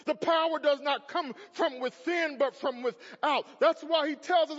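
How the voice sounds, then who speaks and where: A man in his thirties preaching a sermon as a pastor, swinging from hushed tones to loud emphatic peaks. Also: very high-pitched, a little slow. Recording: muffled sound in a large reverberant hall.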